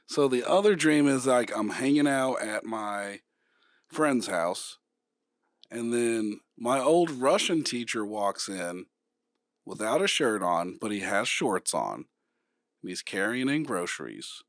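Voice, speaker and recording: A relaxed man co-hosting a casual podcast, unhurried and whimsical as he tells his stories. His voice sits at an ordinary pitch. The recording is dry and close, with almost no room around it. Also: no echo. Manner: playful and giggly, relaxed storytelling. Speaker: podcast co-host. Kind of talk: casual chat.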